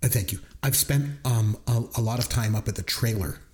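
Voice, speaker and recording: A man co-hosting a podcast in casual chat, telling stories with animated delivery. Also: fairly low pitch, fairly quick. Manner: animated storyteller, puts on voices when retelling. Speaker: podcast co-host.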